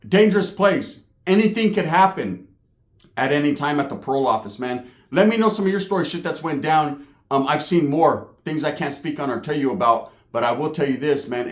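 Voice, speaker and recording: Guy telling a street story to his channel, swears a lot, kinda high voice, echoey room. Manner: streetwise, profane, animated storytelling. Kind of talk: casual storytelling monologue.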